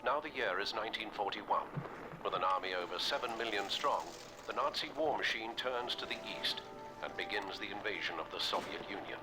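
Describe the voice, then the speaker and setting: Man as serious war-doc narrator, lowish voice, music playing under him. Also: brisk, lightly acted, rough recording. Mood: grave. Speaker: game intro narrator. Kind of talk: scripted documentary narration.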